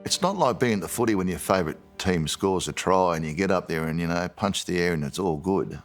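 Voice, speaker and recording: An Australian man with a very deep voice, plain-spoken and steady. He sounds like a retired detective giving an interview. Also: fairly quick, faint music behind.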